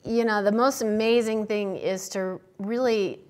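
A woman's voice: medium pitch, fairly even intonation, unhurried. Chatty middle-aged woman sculptor, encouraging. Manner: warm, chatty, laughs often. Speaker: guest sculptor. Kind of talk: casual interview chat.

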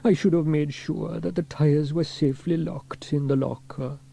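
A man's voice: medium pitch, very animated, measured pace, warm tone. A man voicing a clumsy, fretful young male firefighter who frets and apologises. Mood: worried. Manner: anxious, apologetic.

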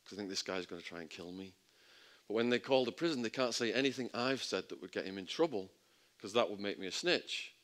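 Low-voiced man telling a story. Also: lively intonation, brisk, a bit bright. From England. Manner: vivid storytelling, acting out the quoted voices with big jumps in pitch and volume. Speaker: speaker at a public talk. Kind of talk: storytelling talk.

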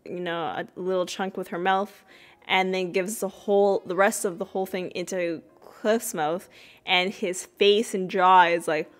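A woman hosting a podcast, recapping a sitcom episode in a chatty way with frequent laughs and fillers. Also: mid-range voice. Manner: chatty, laughs often, many fillers and restarts. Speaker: podcast host.

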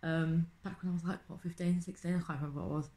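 A woman's voice: fairly low pitch, fairly even intonation, very fast, mellow. A woman, chatting casually and swearing often in a home video diary, asking rhetorical questions. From England. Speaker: vlogger. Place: home in the city.

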